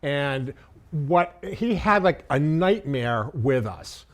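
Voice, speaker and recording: A man, a former journalist, telling a long comic anecdote on a podcast in a casual, animated way, stumbling over restarts now and then. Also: fairly high pitch, slow pace. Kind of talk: casual comedy storytelling.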